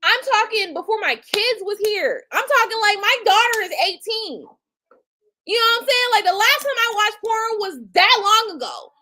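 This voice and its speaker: On her livestream, a tarot reader in her forties rants casually in a very high voice that leaps all over the place, at a moderate pace with poor audio. Blunt and profane, with features, she addresses viewers directly in an animated, mocking way.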